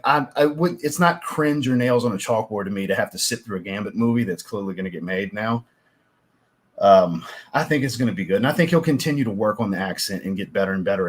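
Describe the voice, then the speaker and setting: Husky man chatting to viewers. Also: lowish voice. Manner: chatty, talks straight to viewers, worked up and theatrical. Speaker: fragrance reviewer hosting a livestream. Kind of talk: casual livestream chat.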